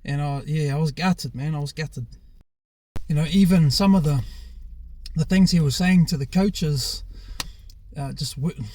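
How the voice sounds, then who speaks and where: Frank New Zealand man with a mellow voice. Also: fairly high pitch, measured pace. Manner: casual and frank, swears, many fillers and restarts. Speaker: former rugby player. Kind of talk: candid personal storytelling.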